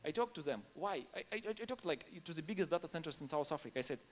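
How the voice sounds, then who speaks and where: With a slightly high, animated voice and a fast delivery, a male conference speaker tells informal stories in non-native English. He laughs now and then between his points.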